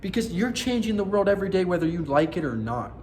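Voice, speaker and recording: A man's voice: high voice, big pitch swings, fast talker, a little mellow. A young man talks straight to his viewers with a voice sitting a bit above the usual male range. He rambles earnestly, swears freely and leans on lots of fillers. A faint hiss sits under the recording. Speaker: vlogger. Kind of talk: casual monologue to camera.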